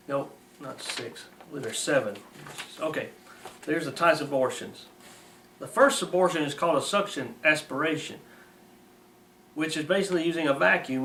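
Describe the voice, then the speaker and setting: A man's voice: medium pitch, a bit bright. A man reading aloud and delivering blunt, mocking moral commentary in folksy, plain-spoken grammar. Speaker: preacher. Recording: roomy, distant mic with faint hiss.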